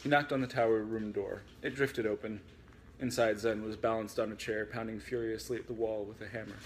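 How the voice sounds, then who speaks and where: A man reading aloud from his own book in a relaxed way, with chatty asides. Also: fairly low pitch, brisk, a little hiss or hum.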